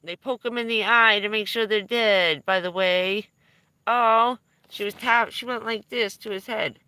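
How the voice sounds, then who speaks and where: A woman's voice: medium pitch, steady tone, unhurried, sharp tone, clear, resonant tone, no echo. A middle-aged woman telling a candid, profane story on a livestream, laughing now and then through hard news. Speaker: vlogger.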